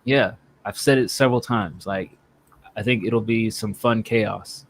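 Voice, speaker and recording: A male podcast co-host with a voice on the low side, talking at a measured pace. In casual chat he animatedly recounts a co-op gaming session, acting out quotes and swearing a lot.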